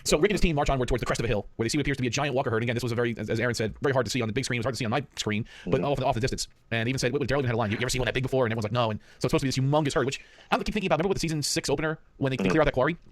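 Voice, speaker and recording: A man hosting a casual podcast, recapping a TV episode in an animated, storytelling way with lots of repeated words. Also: mid-range voice, rapid-fire, no echo.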